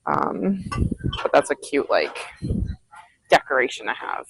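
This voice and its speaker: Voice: medium pitch, huge pitch swings, a little slow, gravelly, a bit bright, breathy edge, no echo, low-quality recording. A thrift vlogger chatting casually while browsing a store, musing aloud over prices with frequent giggles. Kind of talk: casual shopping vlog chat.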